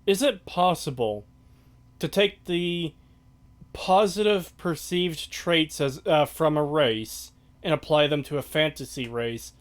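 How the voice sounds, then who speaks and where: Sarcastic man with a slightly high voice. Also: slow pace. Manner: sarcastic, rambling asides. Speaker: stream host. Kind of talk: casual chat.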